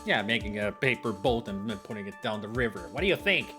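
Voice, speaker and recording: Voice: medium pitch, fast. A player co-playing a story game, teasing and laughing while reading its lines aloud. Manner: teasing, animated, laughs often. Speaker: let's play co-player. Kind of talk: casual game commentary, reading dialogue aloud. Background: game music.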